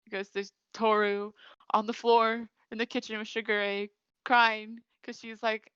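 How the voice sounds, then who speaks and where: A woman's voice: on the high side, little pitch movement, a little slow, fairly bright tone, clear, resonant tone, dry recording. A young woman hosting a podcast, animatedly retelling an anime episode with frequent giggles. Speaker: podcast host. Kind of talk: casual chat recapping an anime episode. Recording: dull lo-fi audio.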